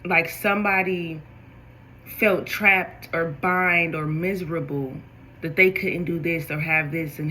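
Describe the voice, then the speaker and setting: A woman gives a spiritual tarot reading, speaking directly to her viewers. Her voice is bright and forceful, and her delivery is animated. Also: sits low, a little hiss or hum, low-quality recording. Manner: animated, talks straight to viewers. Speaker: tarot reader.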